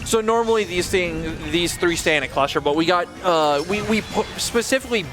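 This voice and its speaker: A man's voice: sits high, a little fast, over music. A man talking through his live speedrun, explaining the game as he plays, with lots of "uh" and "um" fillers. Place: charity speedrun marathon stream.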